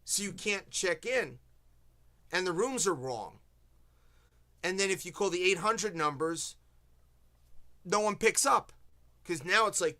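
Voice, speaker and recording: Male host, bright and a bit high, animated anecdote-teller. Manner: animated storyteller, quoting people. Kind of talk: casual chat.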